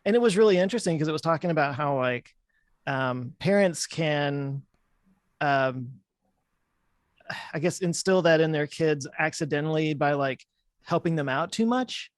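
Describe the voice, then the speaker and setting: A man hosting a podcast, chatting casually with a relaxed, hesitant manner and many ums. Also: on the high side, moderate pace, no room sound, studio quality. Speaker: podcast host. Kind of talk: casual conversation.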